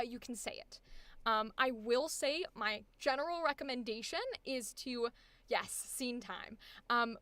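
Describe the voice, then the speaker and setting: A woman's voice: fairly high pitch, a bit bright, no echo. A young woman coaching voice acting on a live stream, chatty and exclamatory with frequent laughter.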